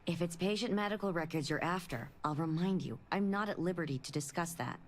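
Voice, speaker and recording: A woman playing a low-voiced guarded doctor. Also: close to an everyday voice. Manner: polite, measured and reserved. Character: guarded female doctor bound by confidentiality. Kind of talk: video game dialogue.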